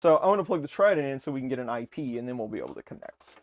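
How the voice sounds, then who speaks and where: A man's voice: mid-range voice, lively intonation, racing, highs cut off, a little hiss or hum. A man co-hosting a casual tech livestream from a home basement, rambling and correcting himself as he explains things step by step. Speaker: livestream co-host. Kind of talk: casual live tech chat.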